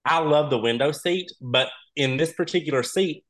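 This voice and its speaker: A man telling stories as a guest in a casual chat. He talks with animated energy and laughs often. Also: on the high side, moderate pace, rough recording. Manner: animated, laughs often, acts out quoted voices. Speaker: reality show contestant, podcast guest.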